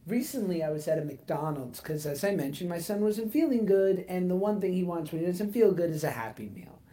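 A man in his thirties co-hosting a casual podcast, telling animated stories and laughing as he goes. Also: high voice, a little fast. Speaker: podcast co-host. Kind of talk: casual chat, storytelling.

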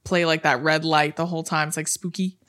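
A podcast co-host chatting and telling a story in a loose, rambling way, full of fillers and casual swearing. The voice is bright and forward. The pitch sits in the middle of the range. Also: level tone, fairly quick.

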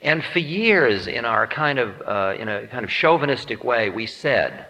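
A man's voice: mid-range voice, animated, measured pace, few pauses, bright, forceful tone, long reverb tail, highs cut off. A man giving a spiritual lecture with playful, self-mocking humor, acting out voices as he tells stories. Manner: acts out quoted voices. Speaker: spiritual teacher.

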